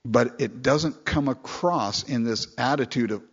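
A man preaches a sermon in an animated, conversational way. His voice is a little husky and sits at a middle pitch. The recording sounds dull and lo-fi. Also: a little slow, hardly any pauses. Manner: conversational, animated, mimics people in falsetto quotes.

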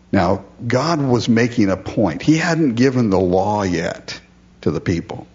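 A man's voice: on the low side, lively intonation, measured pace, a little mellow, dull audio. A man preaching a sermon, addressing the congregation directly and building to emphatic rises on key words. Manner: addresses listeners directly as "folks". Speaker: pastor.

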